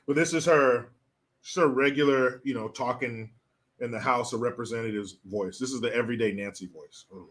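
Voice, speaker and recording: A man's voice: mid-range voice, a little fast, fairly bright tone. A man hosting a political commentary show, ranting in a profane, sarcastic way. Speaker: host.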